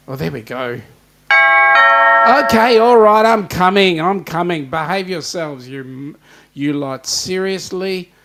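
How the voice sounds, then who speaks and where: A man's voice: a little high, gravelly. Joking Australian man hosting a livestream. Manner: jokey, greets chat viewers by name. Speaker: host. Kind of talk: casual livestream chat.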